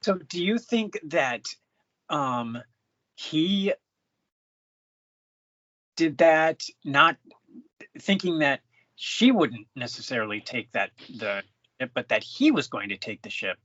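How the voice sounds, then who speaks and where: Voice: mid-range voice, big pitch swings, takes it slowly, long pauses, a bit bright, dry recording, lo-fi sound. A podcast co-host chatting casually about a film, hesitant and exasperated, often restarting sentences. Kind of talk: casual movie review chat.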